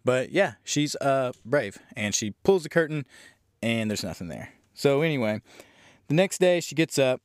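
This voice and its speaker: A man's voice: medium pitch, moderate pace, no echo, clean studio sound. A man recapping a horror film for his podcast, rambling and swearing as he tells the story. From Southern Louisiana. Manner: rambling, profane, animated storytelling. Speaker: podcast host reviewing a film. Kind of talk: casual spoken movie recap.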